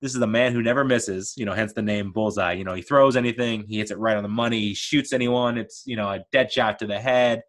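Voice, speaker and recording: A man's voice: lowish voice, steady tone, fast talker, few pauses, fairly bright tone. A man hosting a podcast, giving an enthusiastic, casual film rant with frequent laughter and playful mock voices. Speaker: podcast host reviewing a film.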